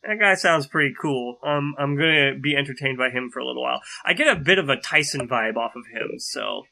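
A man co-hosting a casual podcast chat about a reality show, animated and joking, acting out little quotes. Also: medium pitch, a little fast, creaky. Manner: animated, acts out quotes in funny voices. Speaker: podcast co-host.

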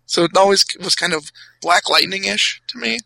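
Young man, bright tense voice, gravelly edge, rambling casual podcast chat, dry close sound. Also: high voice, moderate pace, no echo, poor audio. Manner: rambling, many restarts and laughs. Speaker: podcast co-host. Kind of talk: casual comics discussion.

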